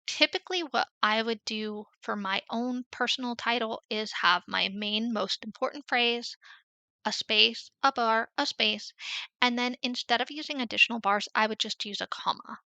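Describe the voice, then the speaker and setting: Woman, 30s, tutorial host; slightly high, bright, chatty and explanatory. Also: gravelly, dry recording. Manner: chatty, explanatory, drawn-out emphasis. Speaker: Etsy selling coach. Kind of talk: screen-share tutorial.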